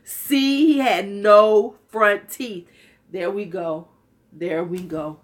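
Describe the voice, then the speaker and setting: A woman in her fifties talks straight to her viewers in a candid, joking, sassy way. She keeps a casual livestream chat going at a mid pitch, and her voice sounds a little worn out. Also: fairly even intonation, slow pace. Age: 50s. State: slightly worn-out voice. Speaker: vlogger.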